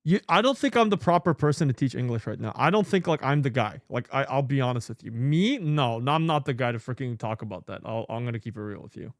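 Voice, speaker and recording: A male streamer chatting casually with viewers, excitable and swearing often with lots of exclamations. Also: mid-range voice, fast talker, few pauses, no echo, clean studio sound. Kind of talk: casual live-stream chat.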